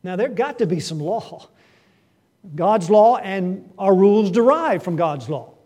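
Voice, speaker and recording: A man's voice: high voice, lively intonation, measured pace, darkish tone. A man preaching a sermon earnestly, asking his listeners questions and suddenly raising his voice for emphasis. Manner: asks the congregation rhetorical questions. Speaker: pastor.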